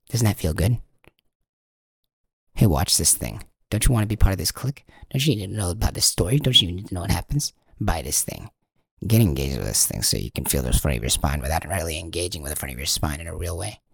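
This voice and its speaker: A man's voice: low-pitched, lively intonation, fast, gravelly, fairly bright tone, slightly rough, no room sound, clean studio sound. A man hosting a meditation podcast, playful and teasing, laughing often and slipping into voices. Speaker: podcast host.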